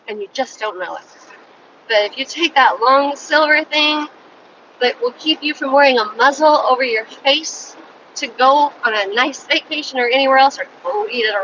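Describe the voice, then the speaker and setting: A woman's voice: high-pitched, sharp tone. A woman speaking straight to her viewers in an emotional monologue, emphatic and pleading, repeating her points. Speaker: vlogger. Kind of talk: emotional direct-to-camera monologue. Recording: distant, dull lo-fi sound with faint noise.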